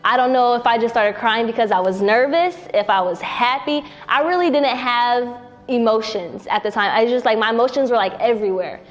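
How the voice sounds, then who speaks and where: A woman's voice: on the high side, brisk, hardly any pauses, soft background music. A young woman telling a personal story casually in a documentary interview, acting out what people said. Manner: casual, acts out quoted dialogue with a rising voice.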